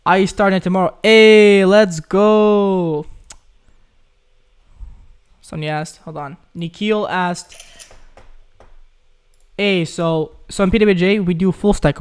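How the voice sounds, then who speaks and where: A man's voice: fairly high pitch, creaky, clean tone. A young man from Ukraine hosting a casual live stream, chatting loosely as he reads viewers' questions aloud and keeps calling them guys.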